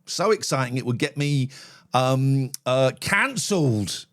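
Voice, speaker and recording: A man hosts a phone-in show as a casual live stream, chatting with callers in a blunt, sardonic style full of swearing. His mid-range voice is expressive and unhurried.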